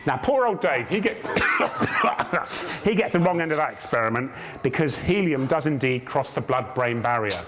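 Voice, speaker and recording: Animated man doing comic science patter. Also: mid-range voice, moderate pace, noisy background. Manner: jokey, theatrical patter with mock pomposity. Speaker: science show presenter. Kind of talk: comic live science demonstration. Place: live stage show at a large public event.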